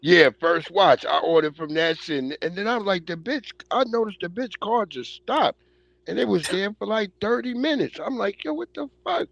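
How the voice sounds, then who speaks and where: A man with a high voice tells a crude, casual story on a live call-in show. His audio is dry and dull, like a lo-fi call line. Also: animated, normal speed, vocal fry, fairly bright tone, no room sound. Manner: loose, swearing, storytelling. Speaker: co-host. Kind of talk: casual profane chat on a live online show.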